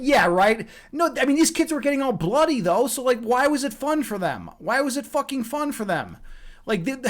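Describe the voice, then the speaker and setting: An American streamer with a fairly high voice tells stories to his chat. He swears constantly and rambles loosely, often restarting his sentences. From USA. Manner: profane, rambling, many restarts. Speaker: livestream host. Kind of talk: casual chat, reading out chat comments.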